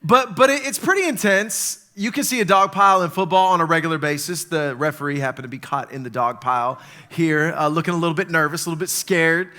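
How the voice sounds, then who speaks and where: A man with a high, bright, forceful voice preaches a sermon. He tells stories animatedly, jumping into panicked little quotes as he acts them out. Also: a little fast. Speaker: pastor. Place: church stage.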